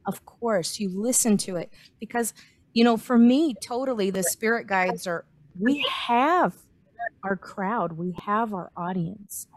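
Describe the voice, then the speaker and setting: Woman host, mid pitch, encouraging, does little inner-voice bits, dry close mic. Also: a little slow, no echo. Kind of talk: casual chat.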